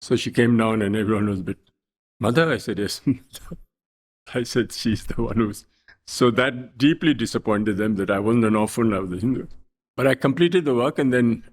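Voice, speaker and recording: An older man from India, a guest telling wry stories in an unhurried, anecdotal way in an interview. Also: fairly low pitch. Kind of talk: storytelling interview.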